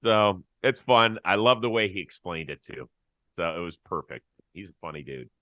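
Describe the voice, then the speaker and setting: A man's voice: low-pitched, animated, normal speed, bright, forceful tone, no room sound. A man hosting a sports talk show, chatting in a wry, easygoing way and laughing easily. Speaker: host.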